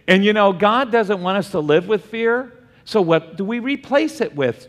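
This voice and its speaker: A man's voice: high voice, big pitch swings, normal speed. A man preaching a Bible study sermon, asking the room questions and answering them himself. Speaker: pastor teaching a Bible study. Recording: long hall reverb.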